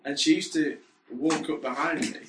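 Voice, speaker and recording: A man chatting on a comedy podcast, giggly and quick with interjections. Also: fairly high pitch, steady tone. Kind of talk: casual comedic chat. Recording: echoey room with faint background noise.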